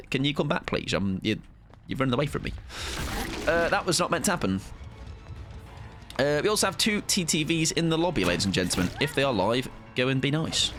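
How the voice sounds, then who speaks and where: A young British man streams a game live, talking in a loose, rambling way with casual swearing and lots of false starts. His pitch swings widely as he chats. Game music plays clearly underneath his voice. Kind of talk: casual live gameplay commentary.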